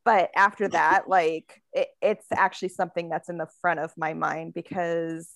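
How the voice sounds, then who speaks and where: Author lady on a podcast, kinda gravelly voice, laughs a lot, super dry close mic. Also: fairly low pitch, little pitch movement, normal speed, hardly any pauses, no room sound. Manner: chatty and laughing often, with fillers. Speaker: author guest. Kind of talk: casual interview chat.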